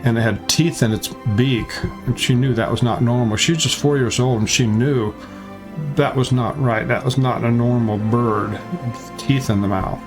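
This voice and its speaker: A man narrates in a plain, conversational way and sometimes stops to correct himself. His voice is at an ordinary pitch for a man. Soft music runs faintly underneath. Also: fairly even intonation, moderate pace. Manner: conversational, with hesitations and self-corrections. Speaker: channel host and narrator. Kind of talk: informal narration.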